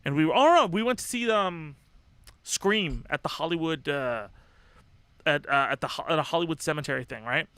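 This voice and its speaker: High-voiced, bright young man streaming. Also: animated, moderate pace, clean tone, dry recording. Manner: profane, impassioned, rambling with restarts. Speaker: livestream host. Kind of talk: casual livestream commentary.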